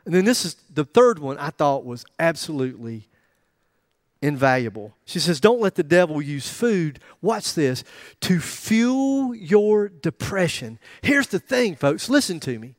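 A man's voice: a little high, sing-song, unhurried, no room sound, studio quality. A middle-aged man preaching a sermon in a joking, conversational way, with asides to the congregation. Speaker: pastor.

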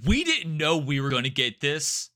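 A man's voice: on the high side, huge pitch swings, normal speed, bright, forceful tone. A man co-hosting a podcast in casual chat, explaining plans at length with plenty of fillers. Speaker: podcast co-host.

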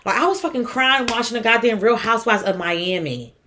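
A woman's voice: a little high, a little fast, sharp tone, a little hiss or hum. A woman co-hosting a podcast, talking bluntly and emphatically with lots of swearing. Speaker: podcast co-host. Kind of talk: casual chat.

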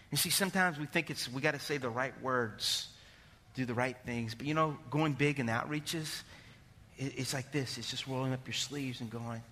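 A male pastor delivering a sermon, animated, rising to shouts and dropping low, recorded in a church sanctuary. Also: slight background noise. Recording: long hall reverb.

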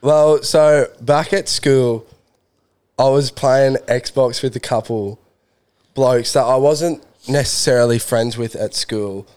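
A man's voice: mid-range voice, fairly even intonation, slow, darkish tone, clear, resonant tone. Young male co-host, chatty storyteller, laughs and swears freely. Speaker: podcast co-host. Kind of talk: casual chat, storytelling.

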